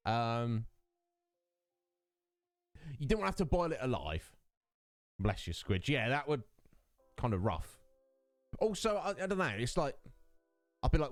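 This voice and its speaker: A man's voice: medium pitch, very animated, normal speed, pauses often, dry recording, faint music behind. A man hosting his own stream, chatting casually with viewers, greeting them by name and laughing often. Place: home streaming setup.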